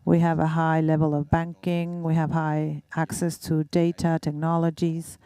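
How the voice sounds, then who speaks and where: Measured woman on a panel. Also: low voice, monotone, dark tone, smooth, no room sound. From Uruguay. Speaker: banking panelist. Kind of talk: panel discussion answer.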